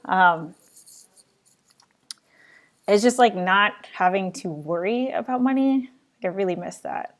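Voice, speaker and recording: A woman's voice: mid-range voice, unhurried, long pauses. A young adult woman hosting her own live show, chatting casually and rambling as she answers viewer questions. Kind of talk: casual live-stream chat.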